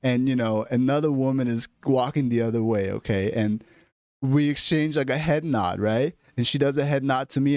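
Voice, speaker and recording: A man's voice: mid-range voice, moderate pace, darkish tone, dry recording, studio quality. A man delivering an exasperated, profane comedic rant straight to camera. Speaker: vlogger. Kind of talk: ranting comedic monologue.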